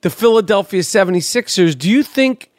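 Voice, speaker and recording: A man hosting a podcast in casual sports chat, animated, stammering through restarts and swearing freely. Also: sits high, fairly quick, no echo, clean studio sound. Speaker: podcast host.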